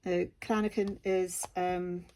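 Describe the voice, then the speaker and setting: A Scottish woman talks to camera at an unhurried pace, in a relaxed, homely way. Her voice is soft and mellow, with dry, self-deprecating humour running through her easygoing chat. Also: lowish voice. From Scotland. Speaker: crafting channel host.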